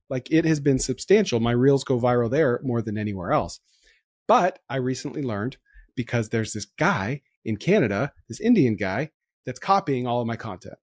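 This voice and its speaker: A man hosts a podcast in loose, casual chat. He is excitable and laughs easily, jumping from one idea to the next. His voice sits mid-range, recorded close and dry. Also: mid-range voice, no echo. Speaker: podcast host.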